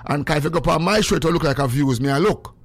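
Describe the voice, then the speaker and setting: A man hosting a show, telling stories in a lively, laughing way and quoting himself and others. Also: a little high, fast talker, no echo. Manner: animated, laughs often, quotes himself. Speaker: show host. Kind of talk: casual storytelling chat.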